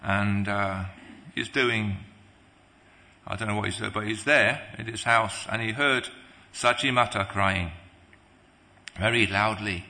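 A man delivers a sermon slowly and haltingly, pausing often and restarting his phrases. His voice is gravelly and very bright in tone. It echoes with a long reverb in a hall. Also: fairly low pitch. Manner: halting, many restarts and pauses. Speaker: preacher. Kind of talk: devotional sermon.

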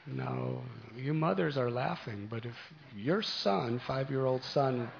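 A man preaching, telling a devotional story to a congregation with gentle, animated delivery. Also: mid-range voice, slow, vocal fry, lo-fi sound.

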